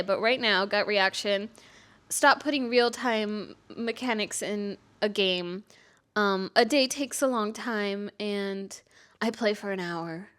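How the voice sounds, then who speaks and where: A young woman vlogger ranting about a game in casual couch talk, rambling and expressive. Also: fairly high pitch. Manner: animated, rambling, self-aware and expressive. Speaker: gaming vlogger.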